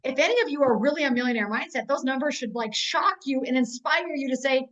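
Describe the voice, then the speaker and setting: A woman's voice: high voice, racing, few pauses, fairly bright tone. A woman in her forties giving a blunt, emphatic tough-love business training over a video call. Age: 40s. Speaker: network marketing trainer. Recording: dull, muffled video-call audio.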